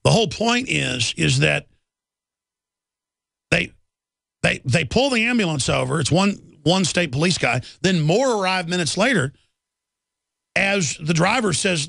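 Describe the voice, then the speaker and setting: A man hosts a live talk radio show, delivering an indignant rant through a heavily gravelly, fry-filled voice. He stumbles over himself, repeating and restarting words. The sound is dry and close. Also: high voice, big pitch swings, moderate pace, pauses often, fairly bright tone, no echo.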